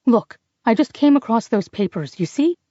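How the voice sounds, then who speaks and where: Woman reading a flustered young woman, stammery and nervous, kinda raised pitch, warm tone. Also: lively intonation, normal speed, no echo, muffled recording. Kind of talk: audiobook character voice.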